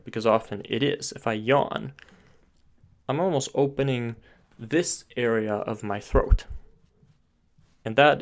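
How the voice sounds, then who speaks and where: A man teaching singing technique, explaining step by step and often restarting his sentences as he thinks aloud. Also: medium pitch. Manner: talks with his hands, pointing to parts of his throat and face.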